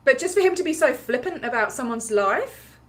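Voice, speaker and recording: A woman casually telling a story on a livestream, animated, laughing often, with many ums and likes as she acts out what others said. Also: high voice, fairly quick. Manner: acts out other people's lines while retelling. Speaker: livestream host recounting a protest.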